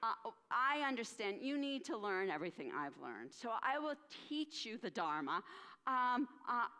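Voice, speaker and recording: A woman's voice: fairly high pitch, very animated, normal speed. A woman playing a stubborn hermit man. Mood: humble. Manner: shouting in anger, then soft and welcoming. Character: Tibetan hermit man, stubborn then gentle. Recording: reverberant church sanctuary.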